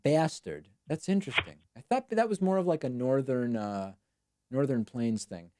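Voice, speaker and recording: A man hosts a live stream, chatting casually and making dry, wry remarks. His voice is mellow and mid-pitched, and the recording is close and dry. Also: animated, normal speed, no echo.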